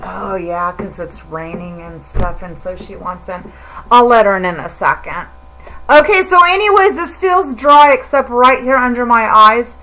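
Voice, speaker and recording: A woman's voice: fairly high pitch, animated, normal speed, bright, forceful tone, faint music behind, rough recording. A middle-aged woman talking straight to the camera in an emotional, rambling religious monologue, stammering and repeating herself as she goes. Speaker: vlogger.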